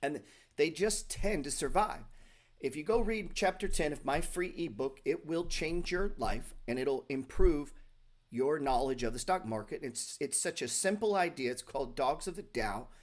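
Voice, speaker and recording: Middle-aged male host, slightly higher voice, blunt, profane, sarcastic, unscripted market chat. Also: animated, normal speed. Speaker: stock market show host. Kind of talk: casual livestream talk.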